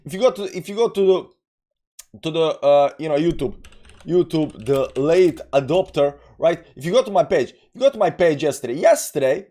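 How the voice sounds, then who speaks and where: Brief: higher-pitched male live-stream host, loose and repetitive, chuckling between remarks. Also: lively intonation, normal speed, mellow. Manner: rambling, repeats himself, laughs at his own jokes. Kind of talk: casual live-stream chat.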